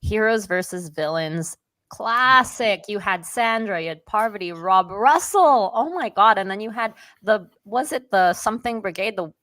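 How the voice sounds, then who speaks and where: A woman's voice: mid-range voice, normal speed, no echo. Young woman guest, chatty and giggly, dry close mic. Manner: chatty and animated, often laughing, acts out quotes. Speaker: podcast guest. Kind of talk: casual interview chat.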